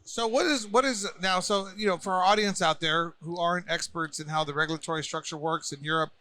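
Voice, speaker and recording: Bright-toned, chatty host. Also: male voice, a little high. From United States. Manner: chatty, playful, quick bursts of talk. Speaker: podcast host. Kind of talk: conference floor interview. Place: busy conference venue.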